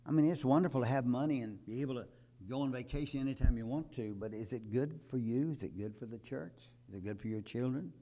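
A man's voice: medium pitch, fast talker. Older male pastor, sermon delivery, plain mid voice, emphatic rising climaxes. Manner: rises to loud emphatic peaks, quotes scripture.

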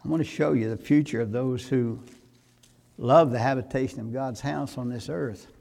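Gravelly-voiced preacher man. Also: medium pitch, moderate pace. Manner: preachy, rising to loud fervent exhortation. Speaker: pastor. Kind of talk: sermon.

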